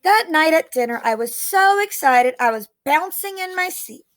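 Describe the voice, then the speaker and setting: Casting: woman, high voice, expressive children's book read-aloud. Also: moderate pace. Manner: expressive, animated reading. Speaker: storybook reader.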